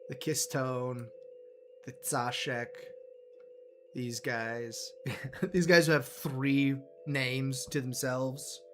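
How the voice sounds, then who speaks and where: This solo livestream host covers a fantasy world's lore while music plays, rambling to himself with self-deprecating remarks. His mid-range voice is fairly even in intonation and very slow.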